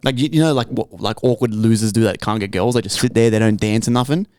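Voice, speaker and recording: A man's voice: fairly low pitch, quick pace, darkish tone, no echo, studio quality. A man hosting a podcast, telling stories in a blunt, swearing, casual way. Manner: blunt, profane storytelling. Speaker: podcast host.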